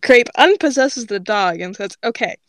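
A woman's voice: medium pitch, normal speed, a bit bright, dry recording. A woman co-hosting a podcast, reading a story she co-wrote aloud and chatting casually with many giggles. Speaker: podcast co-host.

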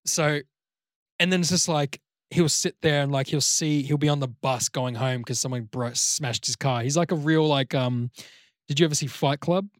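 A man in casual podcast chat, animated and swearing freely, describing a story idea. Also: on the high side, moderate pace, dry recording, studio quality. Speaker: podcast co-host.

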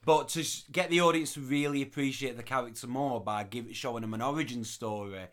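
A man's voice: medium pitch, a little fast, fairly bright tone. A man co-hosting a casual podcast chat, agreeable, laughing often and restarting his sentences. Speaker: podcast co-host.

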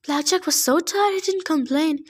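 A woman's voice: very high voice, normal speed. A woman reading a novel aloud casually, adding her own chatty asides. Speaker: reader. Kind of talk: casual audiobook fan reading.

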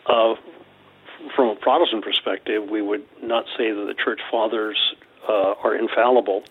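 A man's voice: on the low side, steady tone, normal speed, slightly rough. A man, a Reformed scholar, answering briefly and hesitantly as a guest on a radio show. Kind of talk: radio discussion. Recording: dull lo-fi line.

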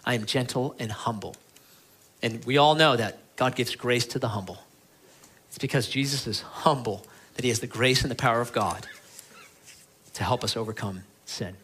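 A man's voice: mid-range voice, moderate pace, slight background noise. Earnest man preaching a sermon. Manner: earnest, pleading, shifts between emphatic and quiet tones. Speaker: pastor. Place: church.

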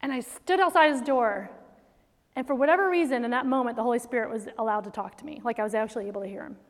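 A middle-aged woman speaking to an audience of mothers in a faith-based talk, telling stories in an animated way and laughing often. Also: on the high side, fast. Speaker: speaker to moms. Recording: long hall reverb.

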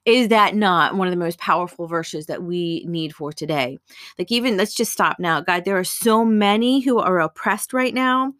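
A woman's voice: on the low side, moderate pace, fairly bright tone, no room sound, studio quality. A woman giving an earnest devotional Bible teaching with prayer, speaking in a conversational way with casual fillers.

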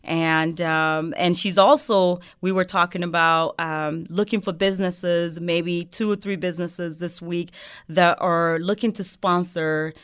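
A woman's voice: fairly low pitch, steady tone, a little slow, fairly bright tone, clean tone, no echo, clean studio sound. A woman from Africa, hosting a heartfelt interview show, earnest and emotional with many fillers. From West Africa. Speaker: show host.

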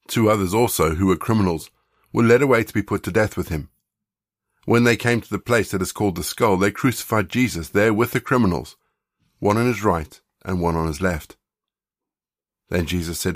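A man leading a prayer and reading scripture aloud in a measured, reverent way. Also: on the low side, dry recording, studio quality. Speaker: scripture reader.

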